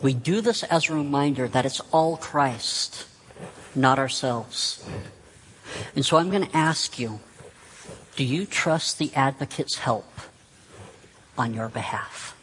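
Slow, earnest male preacher. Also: medium pitch, a bit bright, long reverb tail, slight background noise, rough recording. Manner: earnest, emphatic repetition. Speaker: pastor. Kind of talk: sermon.

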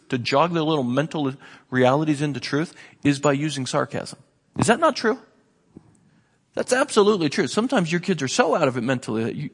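A man preaching a sermon in a church, his voice set a little high, gravelly and husky. He delivers it with an animated, sarcastic edge and keeps repeating words as he goes. The sound carries a long hall reverb. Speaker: pastor.

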